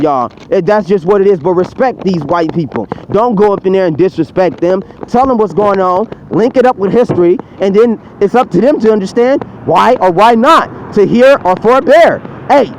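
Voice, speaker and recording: A man with a high voice delivers a fiery, repetitive sermon in the open air beside a street. He swears freely and drives each point home by saying it over and over. A faint hum of traffic runs underneath. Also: low-quality recording. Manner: heated, repetitive, profane preaching. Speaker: street preacher. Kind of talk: impassioned outdoor sermon.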